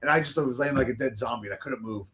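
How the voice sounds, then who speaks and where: A man's voice: medium pitch, fast, fairly bright tone. A man as a podcast guest telling a long, rambling story in casual chat, swearing freely.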